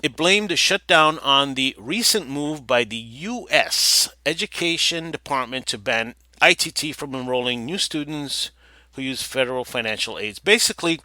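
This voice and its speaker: A podcast host runs a talk show in a fairly high voice, reading an article aloud and wandering off into sarcastic, digressive remarks, sometimes bursting into loud mock voices. There is no echo on the recording.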